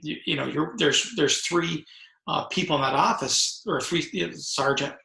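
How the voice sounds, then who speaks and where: Middle-aged male ex-officer, raspy and bright, chatty storyteller, echoey video-call sound. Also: on the high side, moderate pace. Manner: storytelling, acts out dialogue, many restarts. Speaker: author and retired correctional officer. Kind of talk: conversational interview answers. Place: home room over video call.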